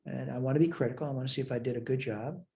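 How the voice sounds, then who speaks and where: Mellow-voiced man teaching math. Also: medium pitch, rapid-fire, gravelly. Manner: talks through worked steps aloud, self-checking. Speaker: math instructor. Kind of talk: recorded math lecture.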